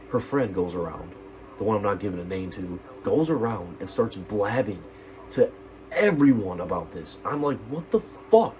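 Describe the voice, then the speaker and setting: A man's voice: fairly low pitch, a little mellow, slight background noise, poor audio. A teenage guy on a stream, ranting angrily and swearing a lot, rambling and restarting his sentences. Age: teens. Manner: agitated and profane, rambling with restarts. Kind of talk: angry personal rant.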